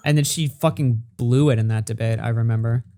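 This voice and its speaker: A man's voice: medium pitch, steady tone, a little fast, warm tone. A man chatting casually as a podcast co-host, rambling and profane. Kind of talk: casual chat.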